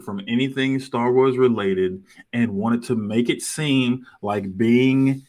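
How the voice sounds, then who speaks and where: A man's voice: mid-range voice, slow, darkish tone. A man co-hosting a podcast, dropping dry joking quips in casual chat. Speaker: podcast co-host.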